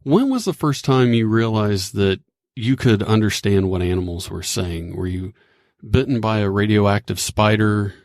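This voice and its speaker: A man's voice: lowish voice, moderate pace, darkish tone, no room sound, clean studio sound. A man hosting a podcast, asking his guest questions in a joking, upbeat way. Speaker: podcast host. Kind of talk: casual interview.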